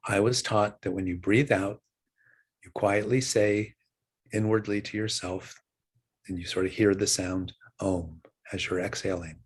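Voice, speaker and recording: An older man in his sixties, a meditation teacher, guiding a breath meditation in a slow, calm and gentle way with long pauses. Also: lowish voice, slightly rough. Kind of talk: guided meditation.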